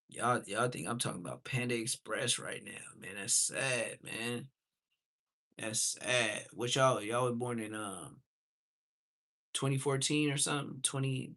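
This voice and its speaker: Man, casual comic rant, lively ups and downs. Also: medium pitch. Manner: rambling, animated, slips into quoted voices. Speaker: comedic vlogger.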